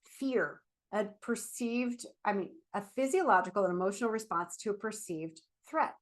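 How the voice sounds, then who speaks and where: A chatty woman therapist, somewhere in middle age, speaking casually in an animated vlog-style talk. She is on her feet as she speaks, with a medium-pitched voice, and sprinkles "like" and "right?" all through her sentences. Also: moderate pace. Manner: speaking while standing and moving about.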